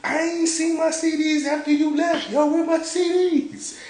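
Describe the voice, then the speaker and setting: A man voicing an angry young man with a squeaky, very high voice who curses and demands his stolen things back. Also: flat delivery, measured pace, a little mellow. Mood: demanding. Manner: shrill, furious, street slang. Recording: roomy with faint background noise.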